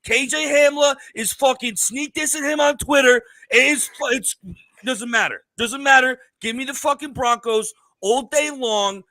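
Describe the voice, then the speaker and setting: A rowdy young London bloke with a put-on accent hollers and swears in a very high voice, as a man on a podcast puts him on. The sound is dry and close, with no room around it. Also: a little slow, bright, forceful tone, dry recording, exaggerated voice. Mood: rowdy, hyped. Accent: put-on London English. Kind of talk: joking impression on a podcast.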